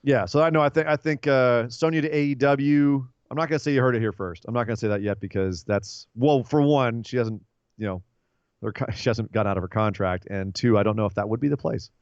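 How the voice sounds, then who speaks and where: A man's voice: mid-range voice, brisk, clean tone, no echo. Man, casual podcast co-host, rambling, joking, dry dull recording. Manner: rambling, jokey, animated. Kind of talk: casual wrestling podcast chat.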